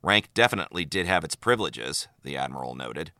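A man narrating a story aloud in an expressive, animated way. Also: rumbling low, fairly quick, no room sound, clean studio sound. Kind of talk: audiobook narration of fan fiction.

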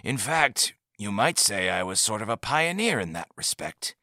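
A gentle, understated old village leader in a storybook, deep-voiced and crisp in tone, speaking with easy calm, as a male narrator puts him on. His voice is quiet and dry, with a close, dead sound. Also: moderate pace, dry recording, exaggerated voice. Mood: pleasant.

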